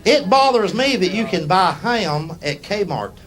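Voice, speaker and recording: A man's voice: high-pitched, sing-song, a bit bright. A man telling folksy stories in a stand-up comedy show on stage. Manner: folksy, drawn-out storytelling, slipping into quoted voices. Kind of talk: storytelling stand-up. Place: live comedy stage before an audience. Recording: live show with audience laughter and noise.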